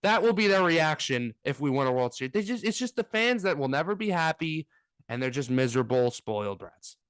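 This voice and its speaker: Man, sports podcast host, lively swinging pitch, dry close sound, ranting casual talk. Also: fairly quick, clear, resonant tone, no echo. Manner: animated, ranting, mimics fans in mocking voices.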